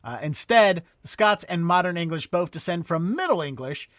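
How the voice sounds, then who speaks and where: A man with a Boston accent hosting a casual comedy podcast. He has a high voice and a dry, close recording. He rambles along and keeps tripping over longer words. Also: animated, moderate pace, a bit bright, no room sound. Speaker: podcast host.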